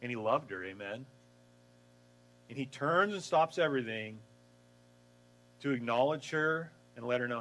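A man preaching a casual, lively sermon, acting out the story and laughing along. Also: medium pitch, measured pace, long pauses, low-quality recording. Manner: animated storytelling, acts out voices, laughs. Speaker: pastor.

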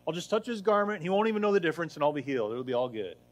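A man's voice: fairly high pitch, big pitch swings, rapid-fire, soft background music. A man preaching voices a hopeful sick woman thinking to herself. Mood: eager.

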